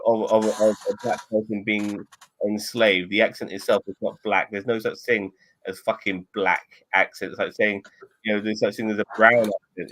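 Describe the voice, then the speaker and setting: A man's voice: on the low side, fairly bright tone. A man hosting a casual podcast chat, blunt and ranting with lots of swearing. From United Kingdom. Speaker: podcast host.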